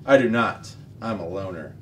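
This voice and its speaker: Man reading as proud, moody female ship's cat; wailing storybook delivery, low voice. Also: expressive, normal speed, a little hiss or hum. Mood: moping. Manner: wailing, self-pitying.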